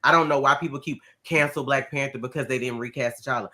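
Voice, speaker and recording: A man's voice: medium pitch, fairly even intonation, noisy background. A man co-hosting a casual group podcast, talking emphatically and using slang. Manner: quick, emphatic slang-filled talk. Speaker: podcast co-host.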